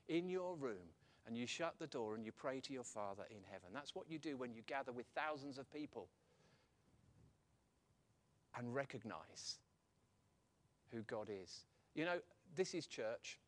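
A man preaching a sermon in a chatty, animated way, laughing at his own points. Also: medium pitch.

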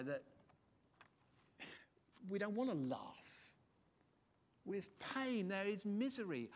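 A man preaches a sermon in church, his voice high for a man. He swings his pitch and volume widely to drive points home, with an animated, jokey delivery.

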